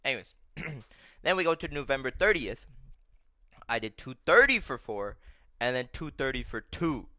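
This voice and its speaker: Animated young man ranting, bright voice. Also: medium pitch, normal speed, long pauses, dry recording. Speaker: vlogger. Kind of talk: casual storytelling vlog.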